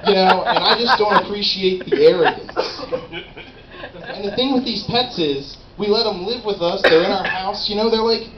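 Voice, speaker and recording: A young man doing a stand-up routine in a rambling, animated, profane way at a small live venue. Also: high-pitched, moderate pace. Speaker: stand-up comedian. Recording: roomy, dull, noisy live room.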